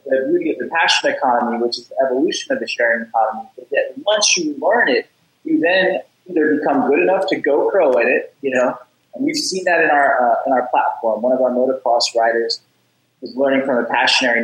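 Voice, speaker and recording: Energetic man with a roomy echo. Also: medium pitch, fast. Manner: energetic, repeats words when starting sentences. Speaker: podcast guest, startup founder. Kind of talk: casual interview talk, storytelling.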